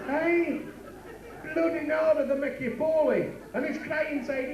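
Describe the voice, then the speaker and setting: A man doing bawdy stand-up comedy at a working men's club, with rapid patter and asides to the crowd. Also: very high-pitched, fairly even intonation, a little mellow, highs cut off. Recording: echoey room from far off, noisy.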